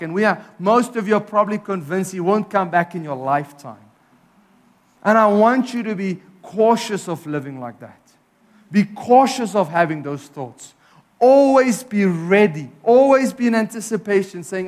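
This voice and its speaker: A man preaching a sermon and leading a closing prayer, impassioned, with emphatic repetition that swings between strong declarations and soft, low prayer. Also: animated, a little slow. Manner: impassioned, emphatic repetition, rising to near-shouts then dropping soft. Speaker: pastor. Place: church service.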